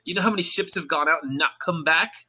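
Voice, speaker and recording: A jittery male dwarf stammers out his disbelief in a raised, bright voice, as a game master puts him on. He trips over his words and presses his questions slowly in a tabletop fantasy scene. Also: a little high, breathy edge, heavily acted. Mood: incredulous. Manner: stammering, incredulous. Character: nervous male dwarf twin at a tavern.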